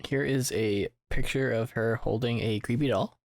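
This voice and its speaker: A man's voice: medium pitch, steady tone, normal speed, gravelly, no room sound. A young man co-hosting a podcast, telling stories and teasing dryly in casual chat. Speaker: podcast co-host.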